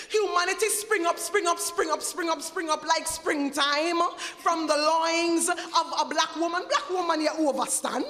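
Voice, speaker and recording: A woman's voice: extremely high pitch, sharp tone. A woman performing spoken-word poetry on stage, chanting in rhythmic, incantatory repetitions. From Jamaica. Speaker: performance poet. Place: large indoor event hall. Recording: echoey festival hall.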